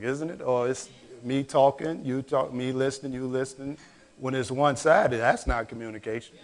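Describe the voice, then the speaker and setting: A man with a Chicago accent, a pastor, answering questions in a reflective, conversational teaching manner. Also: mid-range voice. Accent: Chicago African American English. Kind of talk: church Q&A discussion.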